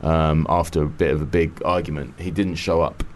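A man's voice: extremely low pitch, steady tone, fairly quick, a little hiss or hum. A man co-hosting a casual chat, telling wry anecdotes in a dry, offhand way with casual swearing. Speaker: podcast co-host.

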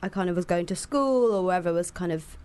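Girl guest on radio, got a cold, smooth voice, giggly, lets sentences trail off. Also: on the low side, fast, a little mellow. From West London. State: has a cold. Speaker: guest singer. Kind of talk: casual interview chat. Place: radio studio.

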